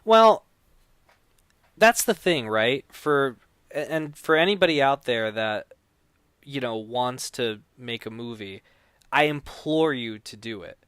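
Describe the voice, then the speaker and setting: A slow-paced, animated man with a medium-pitched, clean voice guests on a podcast about no-budget filmmaking. The studio-quality recording is dry. He wanders and restarts a lot and belts out quoted dialogue as if performing it.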